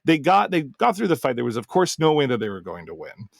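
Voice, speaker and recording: A man's voice: medium pitch, very animated, fast, gravelly, no room sound, clean studio sound. A man who hosts a podcast and runs tabletop games, telling a session story in a rambling, casual way. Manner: rambling, full of fillers and restarts. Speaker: game master and podcast host.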